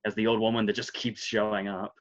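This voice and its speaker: A man's voice: on the low side, fast, lo-fi sound. Laughing man on a film podcast. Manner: laughs often, animated and rambling. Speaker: podcast co-host. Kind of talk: casual chat about films.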